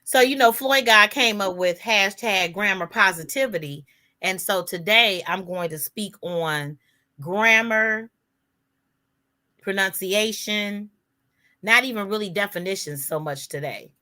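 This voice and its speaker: A woman's voice: mid-range voice, unhurried, sharp tone. A woman co-hosting a casual podcast chat, emphatic and spelling words out letter by letter. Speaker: podcast co-host.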